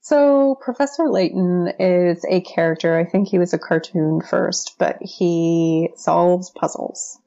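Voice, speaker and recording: A woman's voice: lowish voice, takes it slowly, vocal fry, hardly any pauses, warm tone, dull audio. A woman guest talking in an enthusiastic, chatty way on a podcast, with plenty of fillers. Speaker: interview guest, brand strategist. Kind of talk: casual podcast conversation.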